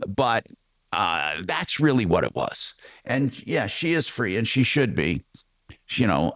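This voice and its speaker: An older male radio host talks with a lively, swinging pitch, circling back and restarting as he rambles through his opinions. His voice is close and dry, with no room sound at all. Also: no room sound. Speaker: radio talk show host. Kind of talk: talk radio monologue.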